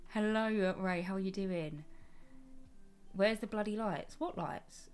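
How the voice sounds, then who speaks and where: A woman's voice: medium pitch, expressive, unhurried, a little mellow, faint music behind. A woman chatting casually with her viewers during a live stream, affectionate and familiar, greeting everyone as her darling. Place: at home at her gaming desk.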